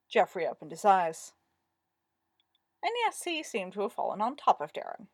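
A woman narrating a story aloud in an expressive, lively way. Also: medium pitch, moderate pace, long pauses, slightly rough, dry recording, studio quality. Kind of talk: storybook reading.

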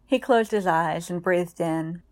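A woman reading fiction aloud in a calm, unhurried way. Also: lowish voice.

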